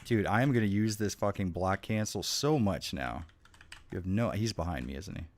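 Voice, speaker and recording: Low-voiced swearing young male gamer. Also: normal speed, a little hiss or hum. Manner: profane, excitable, jokey trash talk at the game. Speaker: streamer. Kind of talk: live gameplay commentary.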